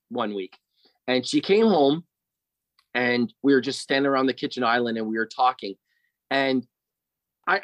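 A man's voice: medium pitch, a bit bright, no echo, poor audio. A middle-aged man telling a personal story as a podcast guest, rambling and often checking in with "right?".

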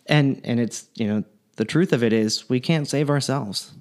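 A man co-hosting a casual faith discussion, telling stories in a relaxed, chatty way with many fillers. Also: medium pitch, normal speed. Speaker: podcast co-host.

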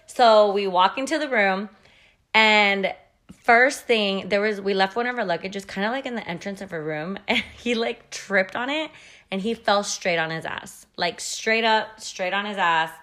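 A woman's voice: medium pitch, measured pace, a bit bright. A woman in her thirties hosting a podcast, telling a story in a blunt, profane, chatty way full of "like" fillers. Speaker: podcast host. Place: at home.

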